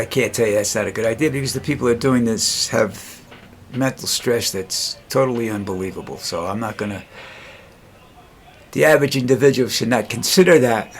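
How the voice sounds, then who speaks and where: Older male vlogger, blunt and rambling, stops and restarts a lot, easily tired. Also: medium pitch. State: tires easily, dizzy after walking. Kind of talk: casual monologue.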